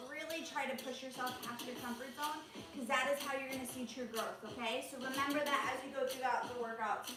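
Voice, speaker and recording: A young woman leading a live home workout, counting reps and chatting with viewers in an upbeat way. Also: high-pitched. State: out of breath at times. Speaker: fitness instructor. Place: home room. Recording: very echoey room, distant mic, music behind.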